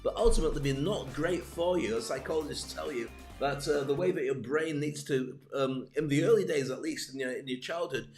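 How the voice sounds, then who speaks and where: A man's voice: fairly high pitch, a little fast, hardly any pauses, a little mellow, reverberant, faint music behind. A man hosting a casual comedic talk to camera, rambling and digressive, acting out gestures as he goes. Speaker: host. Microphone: streamed from home, camera.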